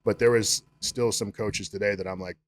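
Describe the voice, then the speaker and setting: A man's voice: fairly low pitch, steady tone, moderate pace, a little hiss or hum. A man, a strength coach guest on a podcast, telling profane, loose stories about his football coaches. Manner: profane storytelling with acted-out quotes. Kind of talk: casual chat.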